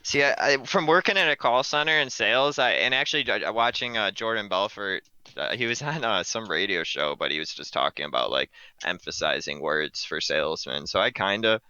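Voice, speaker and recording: A hesitant man speaking in a low, very bright and tense voice, casual and unsure as he talks things through. The sound is dry and dull, as if through a limited line. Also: expressive, brisk, clear, resonant tone, dry recording. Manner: hesitant, many fillers and restarts. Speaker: coaching client, day trader. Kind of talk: casual conversation.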